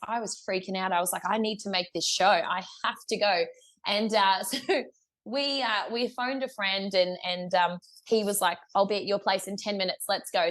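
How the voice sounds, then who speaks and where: A woman's voice: mid-range voice, a bit bright. A young woman with an Australian accent, a guest musician telling a story in a casual interview, chatty, laughing often, with lots of fillers and restarts.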